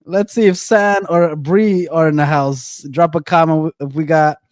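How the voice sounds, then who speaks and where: A man's voice: fairly high pitch, steady tone, measured pace, no echo, clean studio sound. Slangy, upbeat male podcast host. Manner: laid-back, joking, slangy. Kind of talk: casual chat.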